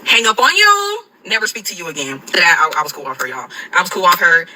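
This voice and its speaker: A young woman telling a dramatic storytime to viewers, animated and swearing often. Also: low voice, rapid-fire, noisy background. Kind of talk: casual storytime to camera.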